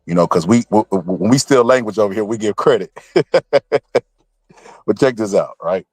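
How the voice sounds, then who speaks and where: A man with a fairly low voice hosts a live online talk stream, needling his co-host and spinning a joke story. The sound is close and dry, with no room echo. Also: fast. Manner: joking, teasing, storytelling with put-on voices. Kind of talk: casual trash-talk banter.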